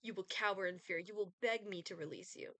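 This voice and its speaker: A woman's voice: mid-range voice, fairly quick, fairly bright tone, no room sound, close to an everyday voice. Woman doing a male Grim Reaper, pompous, game dialogue, theatrical menace, dry sound. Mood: haughty. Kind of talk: dramatic reading of game dialogue.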